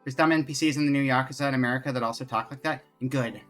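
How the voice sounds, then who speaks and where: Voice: medium pitch, steady tone, racing, fairly bright tone. Chatty streamer over faint game music. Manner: chatty, reads game dialogue aloud. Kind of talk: casual live-stream chat.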